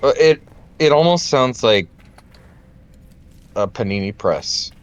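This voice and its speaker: A man's voice: mid-range voice, expressive, takes it slowly, dull audio, a little hiss or hum. A man casually joking and bantering beside a streamer. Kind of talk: casual chat.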